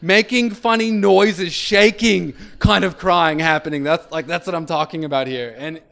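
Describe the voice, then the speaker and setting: Guy telling his conversion story, kinda high voice, lots of ums, casual and chatty. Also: fairly even intonation, moderate pace, gravelly, fairly bright tone. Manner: conversational, many fillers, acts out quoted lines. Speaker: speaker sharing his faith story. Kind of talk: personal testimony storytelling.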